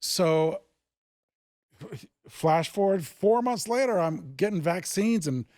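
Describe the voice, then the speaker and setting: Animated storytelling man, very dry sound. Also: takes it slowly, dry recording. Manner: animated, acts out quoted dialogue with big pitch jumps. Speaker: improv theatre founder, podcast guest. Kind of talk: casual interview storytelling.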